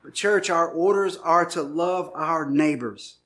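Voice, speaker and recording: Guy pastor preaching, kinda high voice, tells his story with lots of energy and acts out the yelling bits. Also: unhurried. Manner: animated storytelling, acts out shouted lines. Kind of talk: sermon with a personal story.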